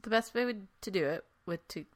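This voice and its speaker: A woman co-host in casual chat, reacting to a story and asking quick questions. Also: mid-range voice, animated. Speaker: podcast co-host.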